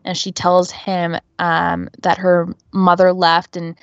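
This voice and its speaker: A woman's voice: lowish voice, monotone, slow, vocal fry, smooth, no room sound, highs cut off. A woman co-hosting a podcast, giving a casual, chatty recap full of fillers like "um" and "you know". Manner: chatty, filler-heavy retelling. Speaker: podcast co-host.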